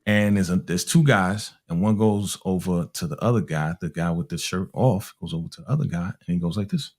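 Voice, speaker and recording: A middle-aged man from Harlem, telling animated, slangy stories in casual chat and acting out the voices of people in them. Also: low-pitched, brisk. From Harlem, New York. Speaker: music producer telling stories on a talk show.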